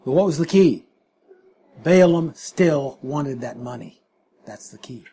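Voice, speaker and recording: A man's voice: on the high side, lively intonation, measured pace, dark tone, breathy edge. A man preaching a sermon, emphatic and full of rhetorical questions.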